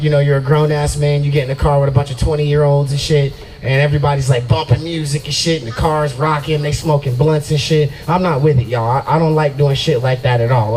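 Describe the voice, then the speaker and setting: A man's voice: on the high side, a little mellow, slight background noise, poor audio. A man in his forties doing a profane, boastful stand-up set at an outdoor open mic, laughing at his own jokes. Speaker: stand-up comedian. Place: open mic at a brewery, out of doors.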